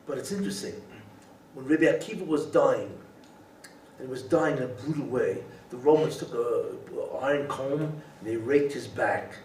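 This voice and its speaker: A rabbi gives an animated Torah lecture, rhetorically asking and answering his own questions. He has a medium-pitched voice and speaks at a normal speed. He is heard from a distance in an echoey room with a faint hiss.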